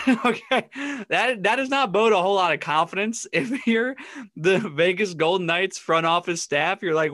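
A man's voice: high voice, normal speed, bright, forceful tone, no echo, clean studio sound. A man co-hosting a casual sports podcast, recounting funny stories and laughing often. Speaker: podcast co-host.

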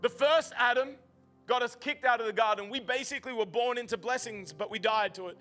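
A male pastor with a high, bright, ringing voice preaches a sermon to a live congregation. He moves between loud, emphatic bursts and a softer, earnest delivery, with faint music underneath. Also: fairly quick. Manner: dynamic preaching, rising to loud emphatic peaks; drops to a quiet, earnest close. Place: church service before a congregation.

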